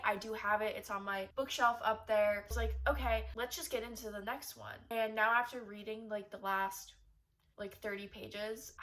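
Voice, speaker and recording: A woman's voice: mid-range voice, sharp tone. A woman talking casually from her bed in a book vlog, chatty and gushing with lots of fillers. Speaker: book vlogger. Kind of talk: casual reading vlog chat. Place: bedroom, in bed.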